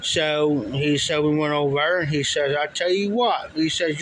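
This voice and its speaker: A man's voice: a little high, steady tone, measured pace, fairly bright tone, a little hiss or hum, poor audio. A man casually telling a long story, rambling and repeating "he says" and "I said" as he quotes people. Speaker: livestream storyteller. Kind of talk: casual spoken anecdote.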